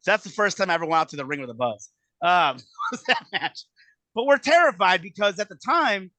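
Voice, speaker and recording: A man in his thirties telling a casual story, animated and profane, acting out quotes in exaggerated voices. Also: on the high side, no echo. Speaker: podcast guest telling a wrestling story.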